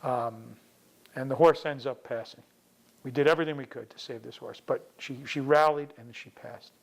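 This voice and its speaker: A man's voice: medium pitch, fairly even intonation, moderate pace, vocal fry, rough recording. A middle-aged man from the New York area, a veterinarian, telling a personal story in a conversational way and acting out the dialogue as he goes.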